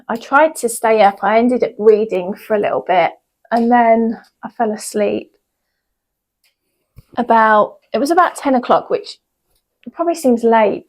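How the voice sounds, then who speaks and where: A woman's voice: on the high side, rough recording. Yoga teacher lady rambling on, loads of ums, chatty home vlog. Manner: chatty, rambling, lots of fillers. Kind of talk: casual vlog chat. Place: at home in her yoga room.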